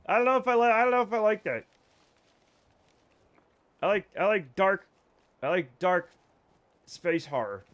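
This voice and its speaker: A man chats loosely with his live viewers while he plays a video game. His voice sits a little higher than most men's, and he rambles, jokes and swears without a second thought. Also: expressive, normal speed, pauses often, fairly bright tone. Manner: rambling, joking, swears freely. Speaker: streamer. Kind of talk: casual let's-play chat with viewers.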